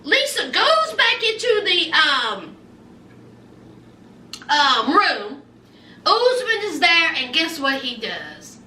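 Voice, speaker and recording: A woman in her forties with a very high, bright voice swings animatedly through a sassy reality-TV recap, hammering her points by repeating them. She sits a little back from the mic in an echoey room. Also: huge pitch swings, slow pace, pauses often, recorded from a distance. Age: 40s. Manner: sassy, emphatic, repeats lines for effect. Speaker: TV show reviewer.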